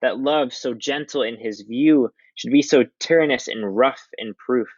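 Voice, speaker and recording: A man's voice: medium pitch, unhurried, a little mellow, husky, dry recording, pitched above the performer's own voice. A man reading as a kind young cousin. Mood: concerned. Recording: dull lo-fi dry recording.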